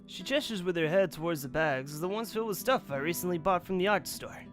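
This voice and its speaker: A man's voice: high voice, expressive, a little fast, faint music behind. A young man hosting a let's play, reading a visual novel's narration aloud and chatting casually, swearing freely.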